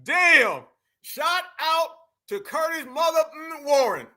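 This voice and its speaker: High, bright-voiced man ranting profanely. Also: animated, slow. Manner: profane, emphatic, repetitive, addresses viewers as fam. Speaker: commentary channel host. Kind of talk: casual reaction commentary.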